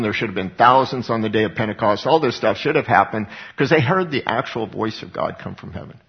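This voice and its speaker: Husky-voiced man preaching a sermon. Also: medium pitch, fast, few pauses, highs cut off. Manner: earnest, conversational preaching with repeated words. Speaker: pastor.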